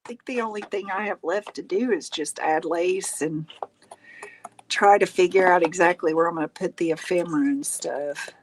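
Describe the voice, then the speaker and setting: A middle-aged woman hosts a craft livestream in a lowish voice at normal speed, with a little hiss or hum on the recording. She chats casually as she crafts, laughing often and reading viewers' comments aloud.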